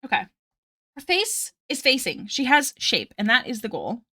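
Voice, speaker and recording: A woman's voice: fairly high pitch, wildly swooping pitch, moderate pace, pushed and bright, no room sound, clean studio sound. Chatty young woman streaming while drawing. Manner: chatty, explains steps while working, laughs often. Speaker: streamer and digital artist. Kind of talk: casual chat while drawing.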